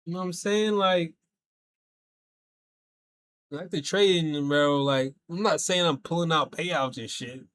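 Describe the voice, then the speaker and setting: A man's voice: a little high, a little slow, long pauses, a bit bright. A man streaming a game, telling a rambling story in casual chat, swearing a lot and saying "bro" and "like" every few words.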